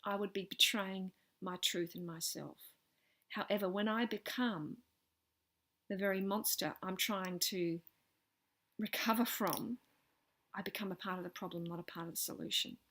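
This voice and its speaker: A middle-aged woman telling a personal story in a vlog, earnest and animated, her voice swelling with intensity and then sinking almost to a whisper. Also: medium pitch, moderate pace. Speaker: vlogger sharing personal stories.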